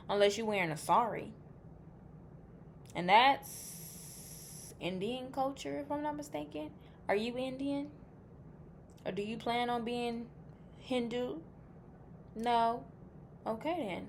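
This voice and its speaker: A woman's voice: on the high side, a little hiss or hum. A woman giving a casual pick-a-card tarot reading. She is chatty and blunt, swears freely, and thinks aloud as she reacts to the cards.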